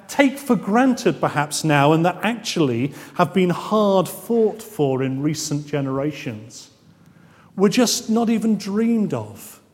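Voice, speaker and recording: A man with a fairly high voice preaches a sermon at a slow, deliberate pace. He draws out his key phrases for emphasis. His words ring with the long reverb of a large church. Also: a little mellow.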